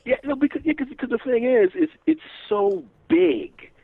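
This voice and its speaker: A man, a comedian telling stories in an animated, profane way as a guest. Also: extremely high pitch, normal speed, creaky, no echo. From Philadelphia area, USA. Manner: animated, swearing, laughs often, acts out dialogue. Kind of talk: casual storytelling interview. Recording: dull lo-fi radio recording.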